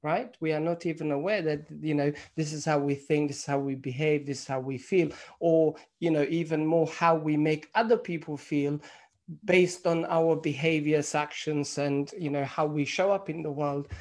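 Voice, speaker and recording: A man hosting a podcast interview, talking in a measured, reflective way with many fillers. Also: on the high side, fairly even intonation, darkish tone. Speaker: podcast host. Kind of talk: interview conversation.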